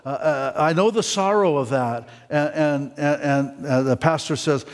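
A man's voice: a little high, unhurried, hardly any pauses, in a large hall. A man preaching a candid, folksy sermon testimony in church, often repeating words as he talks.

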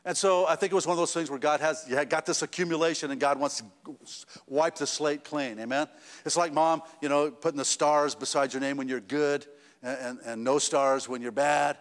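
A man's voice: on the high side, fairly even intonation, normal speed, big-room sound. A man preaching a sermon in a church, talking conversationally with restarts and rising to emphatic peaks. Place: church sanctuary.

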